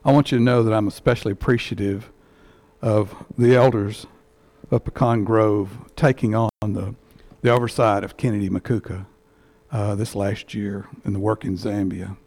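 Gravelly church elder preaching. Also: male voice, lowish voice, steady tone, a little mellow. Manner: heartfelt, halting storytelling with restarts. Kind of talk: personal sermon story.

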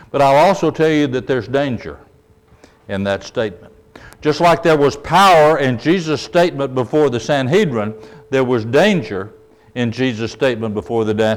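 Speaking at medium pitch, this male preacher delivers his sermon with emphasis, often engaging the audience and softening his voice as each phrase ends.

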